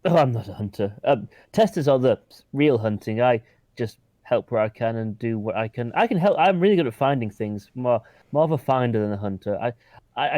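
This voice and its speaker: A man voicing a timid, eager, childlike young male character who stammers and gasps with excitement in a tabletop role-play. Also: no echo, lightly acted. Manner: excitable, stammering, gasping with high squeals.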